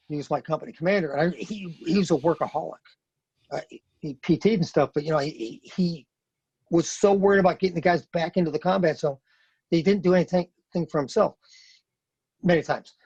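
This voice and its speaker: A man's voice: sits high, fast, creaky, darkish tone, slightly rough, dry recording. A middle-aged man, a retired Marine, talking bluntly and emphatically in an interview, repeating words for stress. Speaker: podcast guest, retired Marine sergeant major. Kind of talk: conversational interview talk. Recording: dry, dull lo-fi sound.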